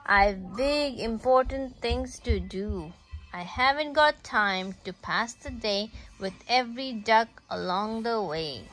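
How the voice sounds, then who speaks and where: A woman's voice: a little high, animated, slow pace, a bit bright, soft background music, full character voice. A woman voicing a big, busy, self-important dump truck in a picture storybook, speaking brusquely.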